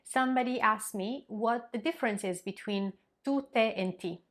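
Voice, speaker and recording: Woman teaching a lesson. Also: fairly high pitch. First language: Italian. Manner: clear, explanatory, repeats example phrases slowly. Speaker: Italian language teacher. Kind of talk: scripted language lesson.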